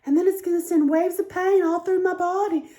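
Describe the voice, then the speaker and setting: A woman voicing an older woman who hides her pain, speaking in a strained, high, tight voice. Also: steady tone, brisk, mellow. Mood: strained denial. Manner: brittle, insisting all is fine.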